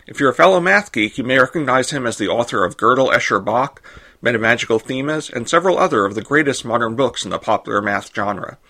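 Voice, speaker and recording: A man hosting a podcast, reading a scripted explanation in a clear, measured way. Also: medium pitch, animated, pushed and bright. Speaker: podcast host. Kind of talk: scripted narration.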